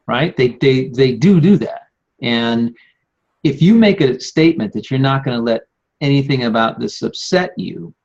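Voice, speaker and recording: Male podcast host, husky mid voice, recaps for listeners; muffled lo-fi recording. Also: mid-range voice. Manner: interjecting, recapping points for listeners. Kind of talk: casual conversational chat. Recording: dull lo-fi sound.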